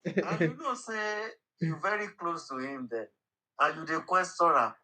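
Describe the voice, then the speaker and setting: A man's voice: a little high, expressive, normal speed, pushed and bright. A man with a Nigerian Pidgin accent chatting casually, dropping short remarks. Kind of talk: casual chat.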